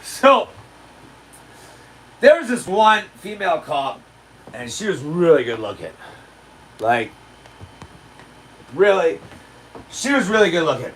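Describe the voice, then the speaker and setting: A man's voice: fairly high pitch, sing-song, takes it slowly, pauses often, recorded from a distance, slight background noise, rough recording. A man telling a crude, boastful story casually on his livestream. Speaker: livestream host. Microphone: handled desk mic.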